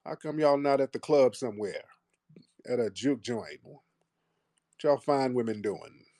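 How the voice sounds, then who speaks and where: A man's voice: medium pitch, a little slow, mellow, no echo, studio quality. A man hosting a live call-in show, casual and combative, mocking and insulting his callers.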